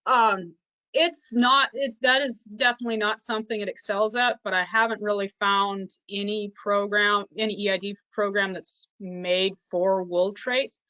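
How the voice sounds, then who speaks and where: A woman on a sheep producers' panel speaking haltingly with frequent ums over a video call. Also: mid-range voice, steady tone, pushed and bright, no echo. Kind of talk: casual panel talk. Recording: dull, dry video call audio.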